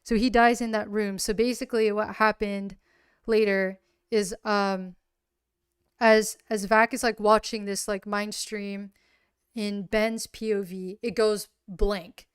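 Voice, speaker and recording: A woman's voice: medium pitch, level tone, slow, smooth, no room sound, studio quality. A woman casually recapping her solo tabletop game on a livestream, rambling with lots of "like" fillers and gushing openly. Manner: rambling, heavy use of "like" fillers.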